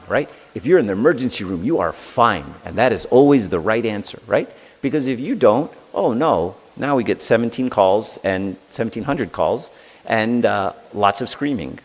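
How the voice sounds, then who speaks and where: A middle-aged man giving a parenting seminar in a conversational way, often ending his points with a quick question and acting out the voices in his stories. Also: on the low side. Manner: conversational, tags lines with "right?"; acts out quoted dialogue. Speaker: seminar speaker. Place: church hall. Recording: long hall reverb.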